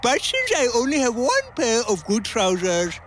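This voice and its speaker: A man's voice: very high voice, wildly swooping pitch, normal speed, background noise, exaggerated voice. A man impersonating an elderly archbishop in his late seventies, cheeky and stubborn as he bickers with an old friend.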